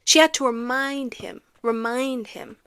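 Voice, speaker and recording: A woman's voice: sits high, steady tone, a little slow, heavy background noise. A young adult woman giving a casual musical recap, ranting dramatically with sudden whispered asides. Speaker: content creator.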